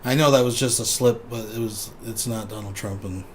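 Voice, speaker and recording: Dude doing casual commentary, kinda rambly and wry, a bit of faint hiss behind. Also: male voice, lowish voice, brisk. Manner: wry, rambling, trails off with fillers. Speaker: host.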